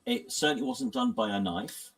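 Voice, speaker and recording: A man's voice: very high-pitched, wildly swooping pitch, moderate pace, vocal fry, recorded from a distance. A man running a tabletop horror game as game master, often hesitating and restarting sentences.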